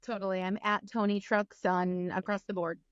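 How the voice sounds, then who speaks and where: A woman guest in a casual podcast interview, chatting in an animated, storytelling way. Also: medium pitch, moderate pace, clean tone, no room sound, lo-fi sound. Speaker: actress guest.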